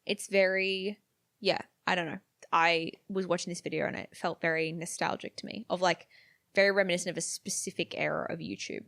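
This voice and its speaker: A woman's voice: on the low side, steady tone, fairly quick, creaky, fairly bright tone, dry recording, clean studio sound. A woman in her twenties co-hosting a podcast, chatting casually with rambling, self-interrupting sentences and frequent laughs. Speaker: podcast co-host. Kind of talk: casual chat.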